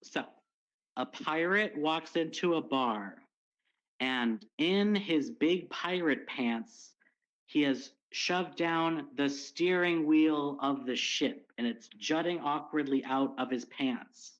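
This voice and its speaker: A man's voice: on the high side, slow, a bit bright, lo-fi sound. A man calling into a stream, chatting casually in a rambling, self-deprecating way. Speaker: stream caller. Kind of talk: casual chat.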